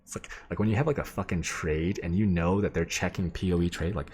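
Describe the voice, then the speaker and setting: A man's voice: deep voice, fast talker, a little mellow, slight background noise. A man streaming from home, telling a casual, rambling story to his chat, full of swearing and filler words. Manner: rambling, profane, lots of "like" and "um"; sketches while he talks, addressing chat. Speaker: game streamer.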